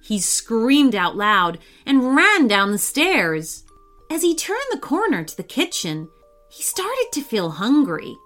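A woman hosting and narrating a children's story in an expressive, animated read-aloud manner. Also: on the high side, slow, soft background music. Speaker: host and storyteller.

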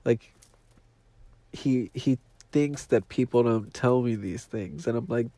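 A man's voice: medium pitch, measured pace, mellow, no echo. A man hosting a podcast in a casual monologue, nasal and teary from crying, talking in a profane, dramatic and emotional way. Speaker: podcast host.

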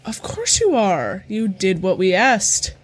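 A woman's voice: medium pitch, sing-song, takes it slowly. A woman running a tabletop role-playing game as game master, talking in a casual, reactive way.

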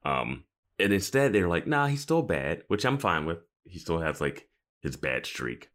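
A man with a very deep voice co-hosting a casual podcast. His intonation swings lively up and down as he talks. He makes laid-back remarks with chuckles and lets his sentences trail off. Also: measured pace. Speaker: podcast co-host. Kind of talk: casual TV episode discussion.

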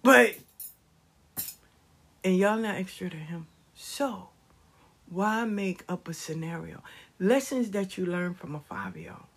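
A middle-aged woman and grandmother telling comic stories in a casual, animated, profane way, swinging between loud exclamations and hushed asides. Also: mid-range voice, takes it slowly, breathy edge. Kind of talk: casual comic storytelling monologue.

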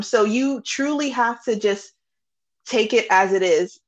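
A woman guest on a podcast, chatting casually about spiritual readings in an animated way, swearing freely and laughing often. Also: on the high side, unhurried. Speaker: podcast guest, intuitive reader.

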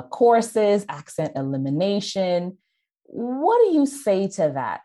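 A woman's voice: low voice, darkish tone. A woman hosting a podcast, speaking emphatically and repeating phrases for weight. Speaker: podcast host. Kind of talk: conversational interview.

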